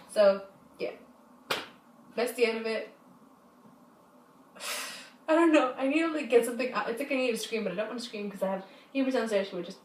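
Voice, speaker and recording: Woman vlogger, highish voice, loose swearing storyteller, roomy echo from a distant mic. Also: moderate pace, long pauses, a little hiss or hum. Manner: rambling, repetitive, swears freely. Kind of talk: casual storytime chat. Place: apartment at home, indoors. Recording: echoey room, mic set far off.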